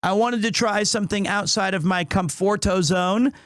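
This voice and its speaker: A man streaming live, chatting casually with his viewers and telling animated stories peppered with Japanese phrases. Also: sits high, moderate pace, dry recording, clean studio sound.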